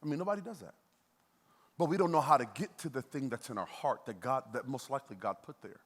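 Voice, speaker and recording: A man preaching a sermon as a pastor, in a lively, conversational way, with playful asides to the congregation. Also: mid-range voice, fast. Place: church auditorium. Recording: long hall reverb.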